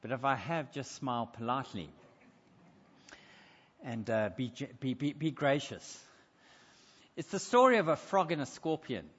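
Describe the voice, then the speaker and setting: A man preaching a sermon in a church, emphatic and slowing down to stress key points. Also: medium pitch, animated, breathy edge. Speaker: pastor. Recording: dull sound in echoey church hall.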